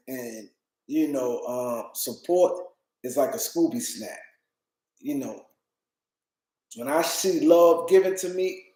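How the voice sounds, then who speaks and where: A man's voice: on the high side, darkish tone, echoey room, poor audio. A tired man hosting a casual livestream, rambling and repeating himself as he talks to his chat. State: tired, yawning. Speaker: livestream host.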